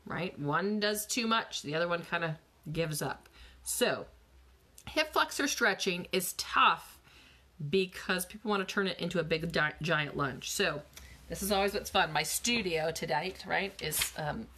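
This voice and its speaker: Bright, chatty woman physical therapist. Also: lowish voice, unhurried. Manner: chatty, animated, laughs often, coaching tone. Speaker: physical therapist hosting a live Q&A. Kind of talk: casual live-stream chat answering viewer questions. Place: bedroom at home. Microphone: phone.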